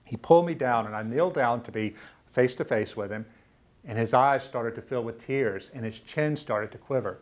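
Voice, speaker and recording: Middle-aged man, mid-range voice; earnest lecturer who stumbles and repeats words in emotional stretches. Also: medium pitch. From Louisiana, US South. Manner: earnest, halting, repeats words when moved. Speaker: author giving a lecture. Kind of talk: personal storytelling lecture. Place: university lecture room.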